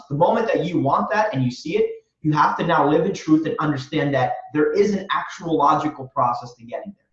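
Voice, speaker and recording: A man's voice: a little high, animated, fast, reverberant, far from the mic, highs cut off. A man guest on a podcast, answering in an earnest, motivational way and repeating phrases for emphasis. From Romania. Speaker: guest, real estate wholesaler.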